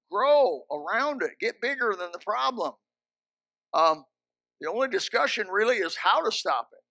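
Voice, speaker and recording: A pastor preaches in a church, piling up short, emphatic, repetitive commands and tossing in wry jokes. His voice is high, bright and cutting, recorded close and dry on a handheld or stand microphone with no echo.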